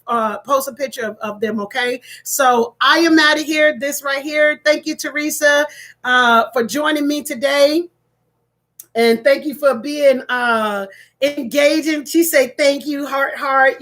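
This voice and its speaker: A woman hosting a casual livestream, warmly thanking her viewers by name and laughing easily and often. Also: high-pitched. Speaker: livestream host.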